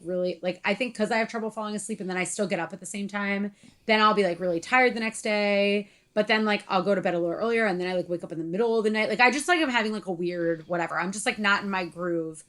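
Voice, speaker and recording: A woman's voice: mid-range voice, quick pace, fairly bright tone. Rambling young woman, casual chat. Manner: rambling, heavy use of "like", laughs often. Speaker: podcast co-host.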